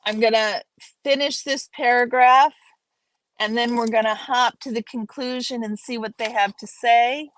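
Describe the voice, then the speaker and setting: A woman's voice: a little high, steady tone, a little slow, a bit bright, rough recording. A woman hosting a live stream, reading an academic paper aloud and breaking off to chat with her viewers. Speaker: livestream host reading aloud.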